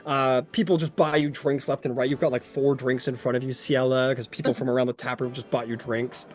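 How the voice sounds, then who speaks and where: A man's voice: medium pitch, flat delivery, fairly quick. A man narrating a tabletop game as its game master, talking in a casual, chatty way full of fillers.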